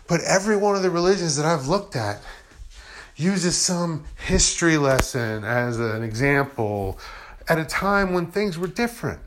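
A middle-aged man hosting a podcast, giving an earnest, rambling spiritual monologue and acting out quoted voices. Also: fairly high pitch. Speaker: podcast host.

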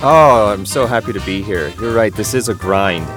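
A man's voice: fairly low pitch, normal speed, over music. Upbeat male narrator from Cincinnati. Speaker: guest, audiobook narrator. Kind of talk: casual interview.

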